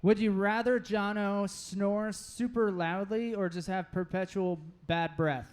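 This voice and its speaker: A man's voice: high voice, steady tone, a little slow, clear, resonant tone. A man hosting a live podcast show on a venue stage, firing off joking questions and laughing often. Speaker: podcast host. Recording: live show with loud crowd.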